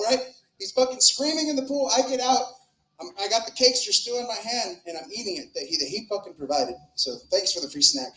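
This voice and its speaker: A man's voice: high-pitched, very animated, quick pace, sharp tone. Man, stand-up comic, crude and rambling, echoey club room. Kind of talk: open-mic stand-up set. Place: comedy club stage.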